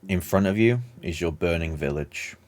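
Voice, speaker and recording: A man narrating a tabletop game as game master in a measured, descriptive way. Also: sits low, a little mellow.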